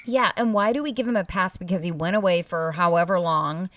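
A married woman co-hosting a casual chat, animated, laughing often and swearing. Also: fairly low pitch, fairly quick, dry recording, far from the mic. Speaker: podcast co-host.

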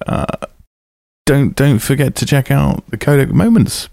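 A man's voice: fairly high pitch, sing-song, normal speed, gravelly, darkish tone. A man sends a casual recorded message to a podcast, talking chattily and enthusiastically, with lots of fillers and restarts.

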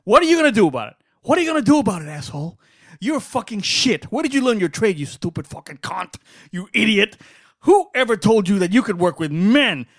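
A man's voice: high-pitched, very animated, fairly quick, dry recording, clean studio sound, voice pushed up, exaggerated voice. A man doing an enraged cursing salesman. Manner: yelling, crude threats. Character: furious cursing male top salesman, an impression.

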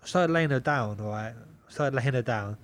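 A young man, a boxer on a podcast, telling a story in casual chat. He swears in nearly every sentence, repeats himself and keeps the telling lively. His voice sits at an ordinary middle pitch for a man. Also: normal speed. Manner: swears constantly, animated, repeats himself, laughs a lot. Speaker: podcast guest, pro boxer.

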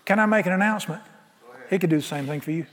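Racing through his sermon, a male pastor with a fairly bright voice that sits a little high for a man pours out folksy, exuberant energy. Rhetorical questions come one after another, ringing with long reverb around the church sanctuary.

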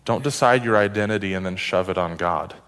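A man's voice: low-pitched, brisk, a bit bright. A male pastor preaching a sermon, reading scripture aloud and adding wry, conversational asides and questions to the congregation.

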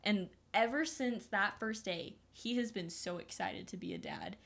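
Young woman guest, warm gushing chatter, laughs often. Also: mid-range voice, moderate pace, gravelly. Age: young adult. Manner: gushing, giggly, lots of fillers. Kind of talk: casual chat.

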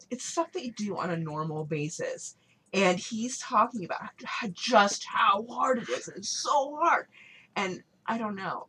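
A woman's voice: mid-range voice, fairly bright tone, poor audio. A woman chats casually on a podcast, breaking into laughter often. Faint background noise sits under her voice. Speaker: podcast co-host. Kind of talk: casual chat.

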